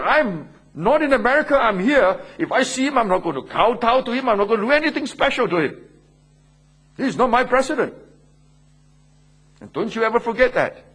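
A man's voice: extremely high pitch, fairly bright tone, breathy edge. A male pastor, preaching emphatically and posing rhetorical questions with repeated phrases. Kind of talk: sermon.

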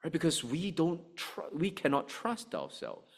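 A man preaching a sermon, animated, with frequent rhetorical asides to the congregation. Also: on the high side, measured pace, creaky. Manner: animated, rhetorical "right?" asides, acts out angry voices.

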